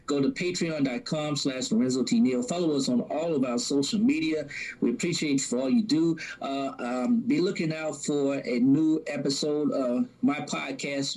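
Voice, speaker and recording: A man's voice: medium pitch, low-quality recording. A man hosting a podcast, thanking his guest and closing the show in a gracious, easygoing way that breaks into laughter. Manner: warm, gracious, laughs easily. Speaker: podcast host. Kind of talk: casual podcast interview outro.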